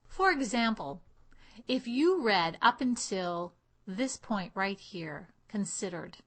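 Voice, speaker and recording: Measured woman coaching speech. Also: mid-range voice, fairly bright tone. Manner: clear, measured teaching delivery. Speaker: accent coach. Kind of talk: instructional lesson.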